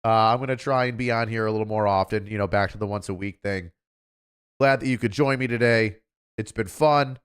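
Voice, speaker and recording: A man's voice: on the low side, a little fast, clean tone. A man hosting a livestream, chatting casually in a rambling, offhand way. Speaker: livestream host.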